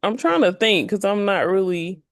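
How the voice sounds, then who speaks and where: A woman's voice: mid-range voice, lively intonation, normal speed, clear, resonant tone, no echo, clean studio sound. A woman from Missouri, a new life coach, giving brief, hesitant replies with nervous laughs. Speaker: newly certified life coach. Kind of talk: casual chat.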